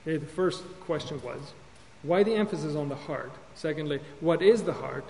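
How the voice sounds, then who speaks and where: High-voiced man teaching in a reverberant hall. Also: moderate pace, vocal fry, darkish tone. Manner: earnest teaching, with repeated words and self-corrections. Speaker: Bible teacher on counseling. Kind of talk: classroom-style sermon lecture. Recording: long hall reverb with faint hum.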